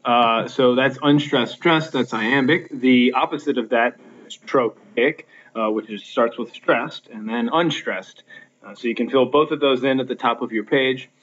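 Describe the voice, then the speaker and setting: Recording a slideshow lecture at home, a male teacher speaks at a measured pace in a mid-range, fairly bright voice. He explains patiently but with many fillers and restarts. His laptop mic makes the sound slightly dull and muffled, with a little hiss or hum.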